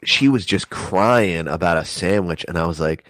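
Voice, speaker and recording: A man's voice: deep voice, normal speed, no echo. A man telling wild stories in a casual chat, swearing often and acting out the people he quotes. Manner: profane, animated, acts out quoted voices. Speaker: podcast guest. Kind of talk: casual storytelling.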